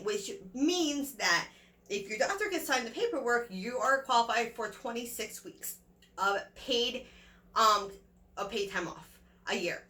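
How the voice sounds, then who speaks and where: Young woman, casual vlog storyteller, bright voice, rambling with lots of fillers, roomy echo. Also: mid-range voice. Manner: chatty, rambling, many fillers and retold dialogue. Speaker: vlogger. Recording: echoey room.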